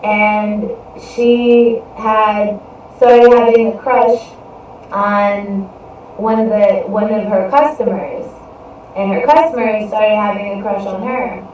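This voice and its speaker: Slow, rambling woman in an echoey room. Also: mid-range voice, steady tone, darkish tone. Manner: rambling, fills with "you know". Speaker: podcast host. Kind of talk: casual storytelling monologue. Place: indoors, live stream. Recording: roomy echo, distant from mic, faint noise.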